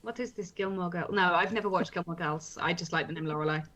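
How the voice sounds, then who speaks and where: A woman's voice: on the low side, quick pace, fairly bright tone, lo-fi sound. A woman playing a tabletop game, chatting casually and playfully. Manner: playful, questioning. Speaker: player.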